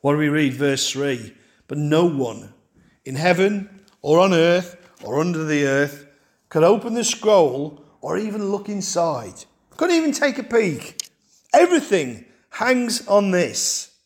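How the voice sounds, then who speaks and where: A man's voice: fairly high pitch, sing-song, unhurried. A man preaching a sermon, emphatic and full of rhetorical questions and repeated phrases.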